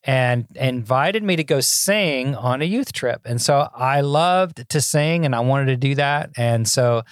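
An older man in his sixties, speaking at a medium pitch and a measured pace, recounts his past as a guest on a podcast in a casual, interview-style storytelling mode. He's folksy and self-deprecating and frequently trips over a repeated word. The recording is dry and close, with no echo or sense of room.

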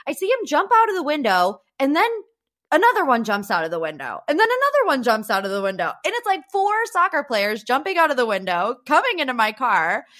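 A young woman hosting a podcast, chatting in a teasing, animated way and laughing often. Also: high-pitched, fairly quick. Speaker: podcast host. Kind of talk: casual chat.

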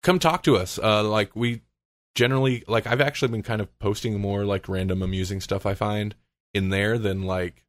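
A man's voice: lowish voice, steady tone, normal speed, dry recording. A man hosting a casual podcast chat, rambling with lots of fillers and frequent laughs. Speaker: podcast host.

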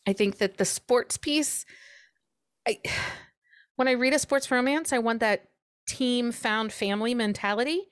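A woman talks through a romance novel with her co-host, animated and chatty. She slips into characters' voices now and then. The sound is dry and close. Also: on the high side, measured pace, smooth, no echo. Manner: animated, acts out characters' lines with laughs. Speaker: podcast co-host. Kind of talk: casual book chat.

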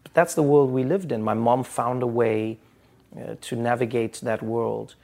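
A man's voice: medium pitch, steady tone, measured pace, vocal fry, darkish tone. A man in his thirties, a comedian speaking candidly and thoughtfully in an interview. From South Africa. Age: 30s. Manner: thoughtful, candid, with small restarts. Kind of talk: reflective interview.

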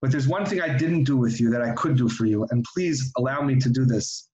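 A man voicing an old rebbe who speaks calmly and sorrowfully. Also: medium pitch, a little fast, highs cut off, lightly acted. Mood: solemn. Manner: calm, sorrowful. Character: solemn elderly rebbe, gentle and compassionate.

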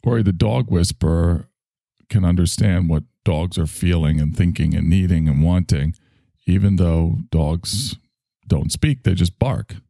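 A man voicing an eager male internet character who explains things in a low, steady voice. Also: unhurried, creaky, no echo, studio quality, full character voice. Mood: explaining.

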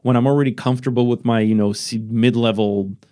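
On a podcast microphone, a man from Romania hosts a casual chat in non-native English, his medium-pitched, mellow voice fairly quick with fairly even intonation. He wanders from point to point, jokes at his own expense, and swears freely.

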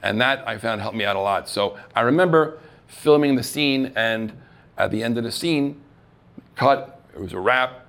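A middle-aged man with a mid-range voice and moderate pace tells storytelling-style tales of his acting career on a live event stage, acting out quoted people's voices and laughing at himself.

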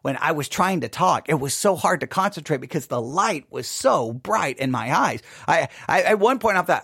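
Earnest high-voiced man recounting a sermon. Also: lively intonation, normal speed, few pauses, fairly bright tone, husky, no echo, studio quality. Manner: earnest, emphatic, with frequent restarts. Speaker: preacher.

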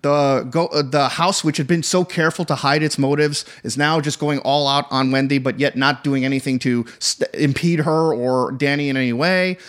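A man in casual conversation about films, talking haltingly with many fillers and restarts. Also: on the high side, steady tone. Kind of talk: casual chat.

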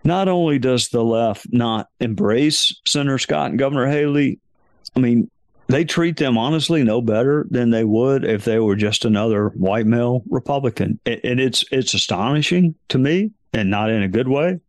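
Man, middle-aged, casual podcast chat, self-mocking, medium pitch. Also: moderate pace, no room sound, studio quality. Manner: folksy, self-mocking, emphatic. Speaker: podcast host answering listener questions.

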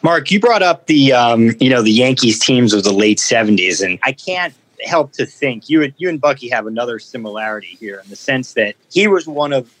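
A man's voice: mid-range voice, animated, brisk, a bit bright, poor audio. A man, a sports reporter hosting, asking long, rambling interview questions full of "you know".

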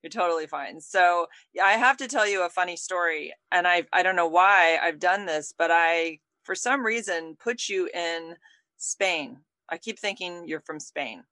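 A woman's voice: lowish voice, normal speed, pushed and bright, no room sound. Chatty woman podcast host, dry sound. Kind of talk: casual interview chat.

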